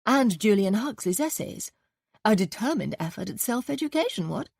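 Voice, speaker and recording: A woman reading an audiobook, voicing a chatty upper-class gentleman detective with playful drawling asides. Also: medium pitch, big pitch swings, moderate pace, creaky, husky, dry recording, clean studio sound, heavily acted. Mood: musing.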